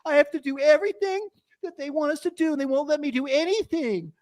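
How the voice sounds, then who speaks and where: A man putting on the voice of complaining race team bosses, in a high mocking whine. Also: fast talker, a little mellow. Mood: whiny.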